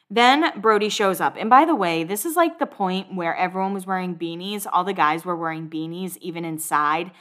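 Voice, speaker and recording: Young woman, podcast host, casual chatty recap, curses freely, mid pitch. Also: a bit bright. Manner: chatty, swears casually, acts out quotes. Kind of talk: casual chat.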